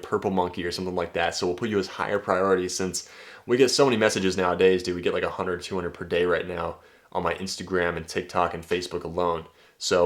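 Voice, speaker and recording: A man coaching on dating in a casual vlog monologue, blunt and profane, tagging his points with "right?". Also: sits low.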